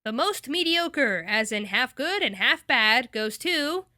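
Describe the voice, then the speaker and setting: An enthusiastic woman chats through an anime review in a high, lively, bright voice. The sound is dry and close. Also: slow pace, no echo. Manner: enthusiastic and chatty. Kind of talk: casual review.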